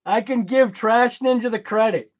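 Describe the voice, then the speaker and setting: A man's voice: very high-pitched, moderate pace, dull audio. A man with a US East Coast accent hosting a casual remote-control hobby livestream, chatting and reacting to viewer comments. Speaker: RC livestream host.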